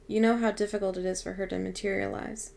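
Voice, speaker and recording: A woman reading aloud, voicing a cheerful, eccentric old otherworldly woman who chats briskly and soothingly. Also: mid-range voice, level tone, gravelly, a little mellow, lightly acted. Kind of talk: audiobook reading.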